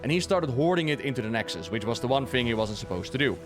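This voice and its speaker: A man's voice: mid-range voice, sing-song, quick pace, music in the background. A man streaming a video game, chatting casually about its lore with jokes and casual swearing. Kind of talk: casual lore commentary while playing.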